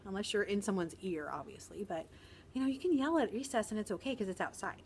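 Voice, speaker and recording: A middle-aged woman, a first grade teacher, chatting casually in a vlog from a quiet corner of her school, with a sarcastic humor and quick laughs. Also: mid-range voice, animated, a little hiss or hum.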